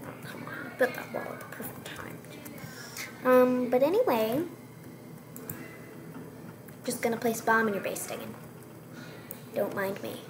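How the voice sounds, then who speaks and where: A young female gamer giving playful, joking commentary while she plays, with sudden excited outbursts. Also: mid-range voice, noisy background. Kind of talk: casual gameplay commentary.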